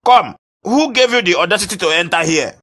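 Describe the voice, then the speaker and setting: A man's voice: sits high, animated, brisk, sharp tone, exaggerated voice. A man voicing a blustering, threatening cartoon father with a Nigerian accent. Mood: bossy. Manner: bossy, threatening.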